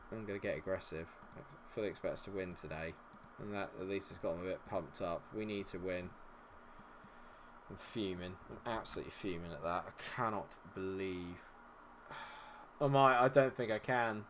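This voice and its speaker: A gaming streamer gives live commentary on a football management game in a low-pitched voice at a moderate pace, with long pauses and background noise. He sounds frustrated and sarcastic, swearing often.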